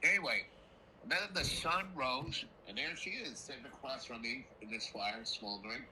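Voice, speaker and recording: A man's voice: mid-range voice, normal speed, sharp tone, distant mic, a little hiss or hum, poor audio. An older man telling a meandering personal story that jumps around in time. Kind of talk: rambling personal anecdote.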